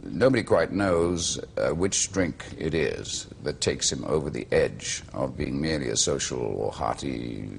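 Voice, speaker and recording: A middle-aged Welsh man and actor, telling stories in a slow, measured, eloquent way as a talk show guest. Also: extremely low pitch, animated, gravelly, slight background noise. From Wales.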